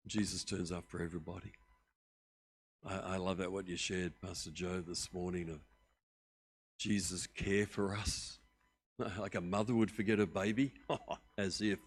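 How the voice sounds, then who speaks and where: An older Australian man preaching a sermon as pastor, animated and joking in a conversational way. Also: on the low side.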